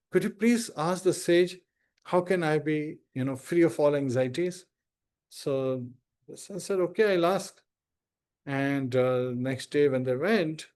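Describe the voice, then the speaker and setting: A man giving a devotional scripture discourse, telling a story in an unhurried, conversational way and often asking "right?". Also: medium pitch, darkish tone. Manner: unhurried, conversational, frequent "you know" and "right?".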